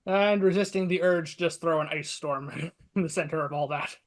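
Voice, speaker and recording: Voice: medium pitch, moderate pace. Chatty player at a tabletop game, lots of likes and yeahs. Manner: casual, chatty, many fillers. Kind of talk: casual tabletop game chat.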